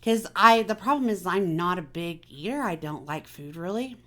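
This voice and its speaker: A woman's voice: lowish voice, lively intonation, moderate pace, a bit bright. A woman hosting a casual personal chat, talking candidly and confidingly with many fillers. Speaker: vlog host.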